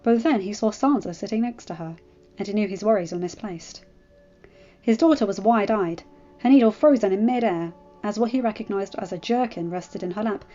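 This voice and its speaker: A woman reads fan fiction aloud in a steady, even narrating voice. The recording sounds a bit dull, with soft music in the background. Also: medium pitch, fairly quick.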